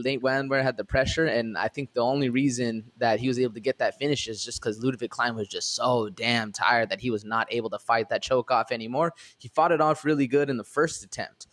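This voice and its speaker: Co-host, young man, mid-pitched voice, laid-back rambling fight talk. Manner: relaxed, rambling, fillers and "man". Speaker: podcast co-host. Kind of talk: casual fight recap chat.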